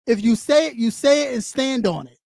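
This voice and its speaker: A woman's voice: on the high side, expressive, brisk, vocal fry, darkish tone, no room sound, clean studio sound. A woman hosting a live stream, talking bluntly and profanely as she scolds her audience and repeats lines for emphasis. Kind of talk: ranting live stream commentary.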